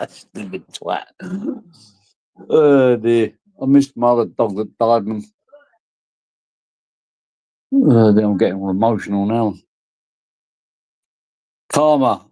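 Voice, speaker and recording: A man's voice: mid-range voice, measured pace, warm tone, no echo. Drunk rambling man. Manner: rambling, crude, giggly. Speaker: vlogger. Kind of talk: rambling casual chat.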